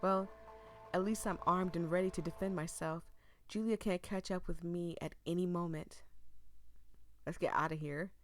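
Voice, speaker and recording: A woman's voice: lowish voice, normal speed, long pauses, faint music behind. Chatty woman reading a horror game aloud. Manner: excitable, chatty asides between read lines. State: losing her voice. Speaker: gaming streamer. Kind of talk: reading a visual novel aloud with live reactions.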